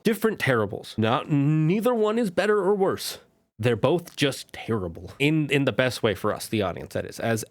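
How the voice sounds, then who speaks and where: A male streamer talks through a series review in a loose, conversational way, turning to the viewer often and slipping briefly into quoted lines. His voice sits at an ordinary pitch. The recording is dry and close, with almost no room echo. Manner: chatty, addresses the viewer directly, briefly acts out quoted lines. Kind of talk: casual spoken review.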